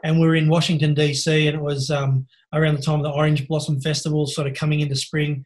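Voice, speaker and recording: An Australian man, a podcast guest, telling lively stories over a video call and laughing often. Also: fairly high pitch, fast. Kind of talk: casual storytelling interview.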